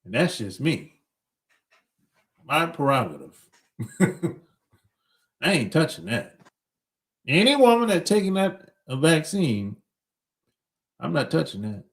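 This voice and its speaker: A man's voice: fairly high pitch, big pitch swings, takes it slowly, pauses often. A middle-aged man hosting a podcast, talking bluntly in a casual opinionated monologue, chuckling between points. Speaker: podcast host.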